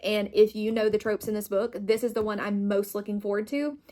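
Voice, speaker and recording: A woman's voice: medium pitch, fairly even intonation, brisk, warm tone. A young woman chatting casually as a book vlogger, bubbly and gushing, with lots of fillers. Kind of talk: casual chat.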